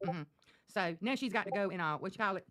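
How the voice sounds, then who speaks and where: A woman's voice: medium pitch, fast, fairly bright tone. A woman hosting a casual reaction stream, mocking and roasting the clips she plays with profane, sassy commentary.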